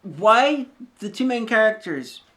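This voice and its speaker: A woman's voice: a little high, sing-song, slow, a bit bright. A woman co-hosting a casual chat, blunt and sweary, ranting in exasperation. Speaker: co-host.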